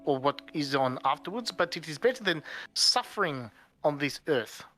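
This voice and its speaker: A man voicing an earnest young man who speaks calmly in formal phrasing. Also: a little high, moderate pace, faint music behind. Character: earnest young man defying his family.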